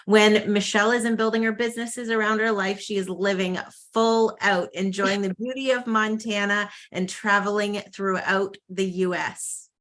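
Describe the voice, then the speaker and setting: A woman hosts an online summit at a medium pitch. She thanks each guest and reads the next bio at a brisk pace. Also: steady tone, a bit bright. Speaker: summit host. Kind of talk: hosting and reading a bio.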